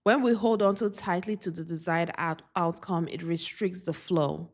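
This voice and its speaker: A woman's voice: fairly low pitch, steady tone. A woman doing a spiritual oracle card reading, speaking earnestly and repeating affirmations. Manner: slow, repetitive, earnest affirmations.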